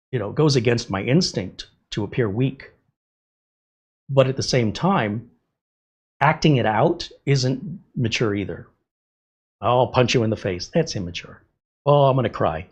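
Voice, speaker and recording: A man's voice: medium pitch, darkish tone, slightly rough, dull audio. A middle-aged man hosting a livestream, candidly telling a personal story in casual talk. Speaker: host. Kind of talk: livestream chat.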